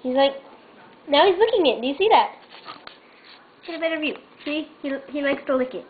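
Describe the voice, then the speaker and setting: A woman's voice: high-pitched, expressive, fairly quick. A woman filming her cat at home, coaxing it and calling it in a meowing baby voice. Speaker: vlogger. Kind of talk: casual home video talking to a cat. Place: at home indoors. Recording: tinny lo-fi camera audio with faint hiss.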